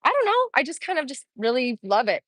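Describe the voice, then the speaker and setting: Walking outdoors on a hot summer street, this Las Vegas real estate vlogger from Kansas City, Missouri, livestreams into a phone she holds and responds to viewer comments. Her higher voice sounds breathless, chatty and upbeat, a bit sing-song and a little fast. The tone is fairly bright and there's no echo.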